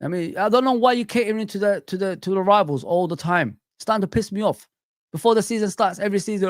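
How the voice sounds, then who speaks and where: A man hosting a live football stream, ranting in an animated way, reading out viewer comments and calling them bro and man. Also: high voice, fast, no room sound, clean studio sound. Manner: self-described showman. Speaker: football channel host.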